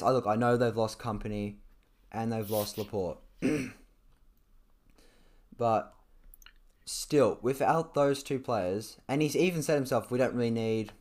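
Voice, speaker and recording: A young man chatting casually about football, rambling with lots of fillers and restarts, his throat dry and often cleared. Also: medium pitch. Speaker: football podcast co-host. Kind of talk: casual chat.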